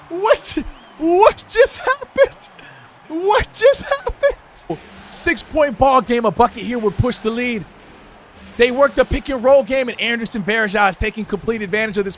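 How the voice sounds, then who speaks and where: A man narrating his own basketball video game like a sportscaster, loud and slangy, shouting at big plays. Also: high-pitched, a little hiss or hum. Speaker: gaming YouTuber. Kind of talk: playful sportscaster-style play-by-play over a video game.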